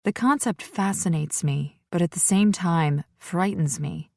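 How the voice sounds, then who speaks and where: A woman narrating a romance audiobook in first person, reflective and even. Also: lowish voice, unhurried, gravelly, few pauses, dry recording, studio quality.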